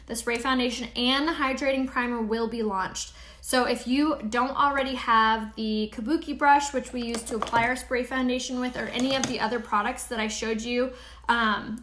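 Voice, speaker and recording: A woman hosting a live makeup tutorial, chatting upbeat with viewers and pitching her products. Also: a bit bright, roomy sound. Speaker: makeup seller and tutorial host.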